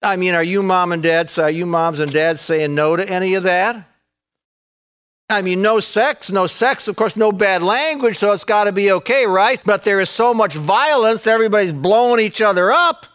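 A man preaching a sermon in a folksy way, peppering his talk with "man" and "folks", swinging between raised excited passages and hushed, intense ones. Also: sits high, moderate pace, smooth. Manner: folksy, says "man" and "folks", repeats words. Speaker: pastor.

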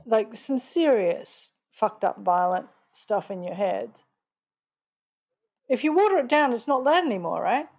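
A woman's voice: high-pitched, a little mellow. An Australian woman chatting casually as a podcast guest, blunt, laughing often and swearing freely. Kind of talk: casual chat.

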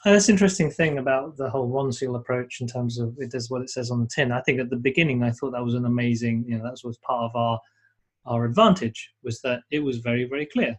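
A man co-hosting a live webinar, thinking aloud in a casual, animated way, with many restarts, and reading out audience comments. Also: mid-range voice, quick pace.

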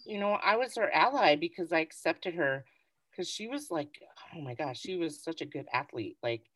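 A woman's voice: low-pitched, normal speed, dry recording. A woman co-hosting a podcast who tells stories casually and animatedly, full of "like" and "you know.". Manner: animated storytelling, filler-heavy. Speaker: podcast co-host. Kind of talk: casual chat.

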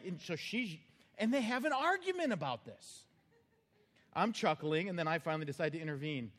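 A man's voice: fairly high pitch, big pitch swings, normal speed, fairly bright tone, big-room sound. A man preaching a sermon as pastor, telling stories in a plain, earnest, conversational way.

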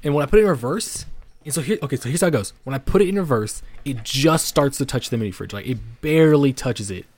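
A man's voice: mid-range voice, expressive, quick pace, darkish tone. A young man co-hosting a podcast, telling a story in a rambling way with lots of swearing, restarts and "like" fillers. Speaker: podcast co-host. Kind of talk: casual storytelling.

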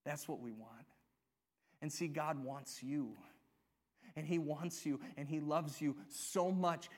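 High-voiced earnest male pastor preaching. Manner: earnest, swings between loud emphatic lines and soft hushed ones; asks the congregation rhetorical questions. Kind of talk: sermon.

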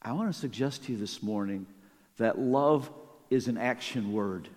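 A man preaching a sermon as pastor, emphatic and animated, acting out quoted lines. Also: mid-range voice, normal speed, big-room sound.

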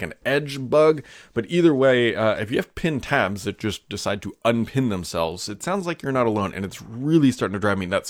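Man, tech news host, casual offhand delivery, mid-pitched voice, dry close sound. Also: no echo. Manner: chatty and offhand, with fillers and asides. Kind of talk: casual solo news commentary.

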